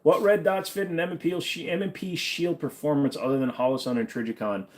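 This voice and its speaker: A man's voice: fairly high pitch, fairly even intonation, a little fast. Joking, profane man hosting a livestream. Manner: joking, profane, answers chat questions. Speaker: livestream host reading viewer questions. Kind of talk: casual livestream Q&A.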